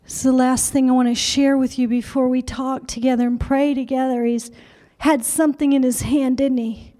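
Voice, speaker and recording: A woman's voice: high-pitched, level tone, normal speed, dark tone. A woman preacher telling a story in an emotional sermon, stammering repetitions and dipping into whispers.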